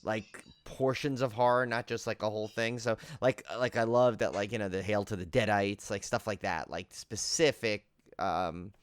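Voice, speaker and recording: A man's voice: on the low side, fairly even intonation, moderate pace, clean tone. A man co-hosting a horror podcast in casual chat, rambling with many fillers. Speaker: podcast co-host.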